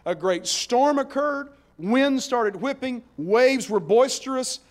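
A man preaches a sermon in a high voice. He moves between hushed, slow passages and loud, emphatic bursts. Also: lively intonation. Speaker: pastor.

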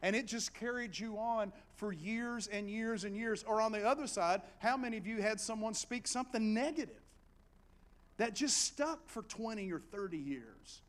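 A middle-aged man preaches with an Appalachian accent, in a voice set a little high for a man. He moves from quiet, close storytelling to loud, rousing exhortation. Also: normal speed. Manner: animated, with big swings between hushed storytelling and loud exhortation. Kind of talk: sermon.

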